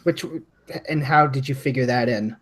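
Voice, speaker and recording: A man's voice: medium pitch, normal speed, fairly bright tone. A man co-hosting a podcast, eager and tripping over his words in casual chat. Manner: eager, stumbling restarts. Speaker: podcast co-host.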